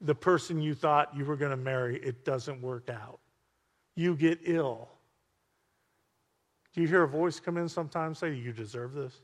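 A man preaching a sermon to a congregation, animated and full of call-outs to the listeners. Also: on the high side, normal speed, long pauses. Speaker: pastor. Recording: long hall reverb.

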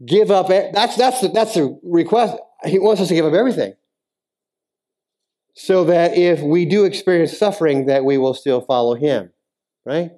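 A male pastor delivers a sermon in a church sanctuary. His voice sits a little high for a man. He shifts between easy, conversational asides and emphatic, almost shouted appeals. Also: normal speed. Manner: conversational preaching, rising to emphatic near-shouting.

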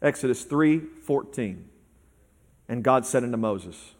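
A man preaching a sermon to a church service, swinging from quiet, fast lines up to shouting and half-singing. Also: mid-range voice, lively intonation. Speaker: pastor. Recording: long hall reverb.

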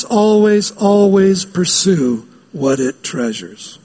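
A man's voice: sits high, sing-song, takes it slowly, hardly any pauses, dark tone. A man preaching a sermon as pastor, emphatic and given to repeating key phrases.

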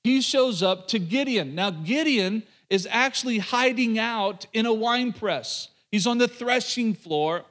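A male pastor preaching a sermon, retelling a story in an animated, conversational way and speaking straight to his listeners. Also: high voice, a little slow, hardly any pauses.

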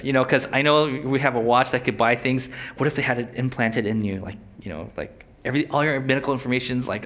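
A man's voice: medium pitch, fairly quick, a bit bright. A young adult man teaching a Bible lesson in a casual, conversational sermon style, often asking his listeners questions. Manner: conversational, asks the audience questions.

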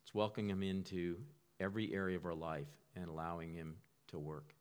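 Low-pitched, steady, clear and resonant, this man's voice runs fairly quick through a conversational sermon. He often restarts and repeats words, and he occasionally whispers a quiet prompt to act out an inner voice.

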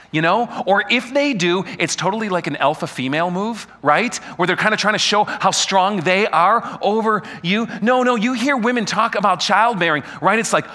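A man preaching a sermon, animated and full of rhetorical questions aimed at the congregation. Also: sits high, normal speed.

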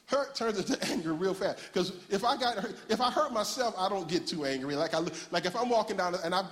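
A man preaching, his voice sitting high. He banters playfully with the congregation between points, and his words ring out with a long reverb through a large church hall. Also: lively intonation, brisk, fairly bright tone. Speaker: pastor. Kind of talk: sermon.

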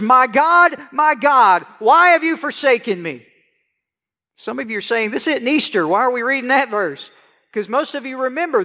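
A middle-aged man preaching a sermon as pastor, animated and dramatic, crying out scripture lines. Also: very high-pitched. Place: church sanctuary. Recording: long hall reverb in church.

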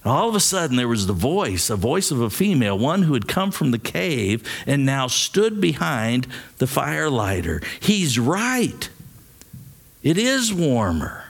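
A man preaching a sermon, reading a story aloud in a slow, dramatic way. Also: mid-range voice, sing-song, gravelly, husky. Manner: slow, dramatic, acts out quoted voices. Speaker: pastor.

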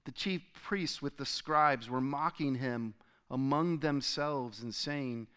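A male pastor delivers a sermon with a smooth, resonant voice at a middle pitch. He reads scripture aloud with dramatic swells, pushing some phrases out loudly and letting others sink low and soft. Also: takes it slowly. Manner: dramatic reading with sharp rises and drops in loudness.

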